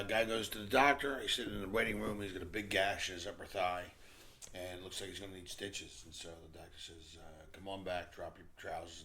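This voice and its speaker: A man's voice: low voice, fairly bright tone. A male comedian chatting as a guest and telling crude jokes, swearing constantly. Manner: profane, crude storyteller. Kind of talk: casual chat, telling dirty jokes.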